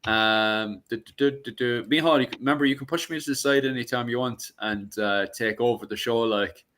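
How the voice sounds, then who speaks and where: A man's voice: medium pitch, a little fast, a bit bright. A man hosting a casual live-stream chat, joking and bantering, swearing in passing. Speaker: show host.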